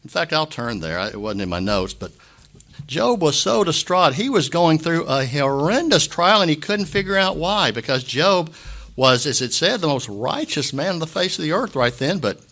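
A man pastor giving an impromptu sermon, earnest and emotional, halting often to clear his throat. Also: a little high, very animated, sharp tone.

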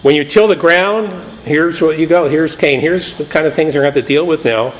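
A man's voice: a little high, brisk, low-quality recording. A man preaching a Bible study sermon in a conversational way, paraphrasing scripture and acting out the quotes with energy.

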